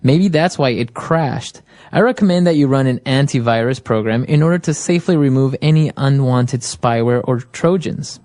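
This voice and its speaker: A woman reading a calm, patient male tech support agent in a scripted dialogue. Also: very deep voice, normal speed, dry recording, clean studio sound. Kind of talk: scripted role-play dialogue.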